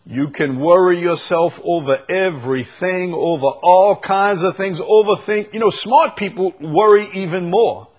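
Preacher, male, fairly high voice, slow and deliberate, emphatic repetition. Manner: emphatic, swings from loud proclaiming to quiet intensity; repeats phrases for emphasis. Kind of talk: sermon.

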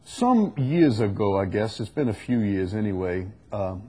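A man's voice: fairly low pitch, very animated, moderate pace, mellow, breathy edge. A man preaching a sermon and reading scripture aloud, earnest and rising to emphasis on the verses.

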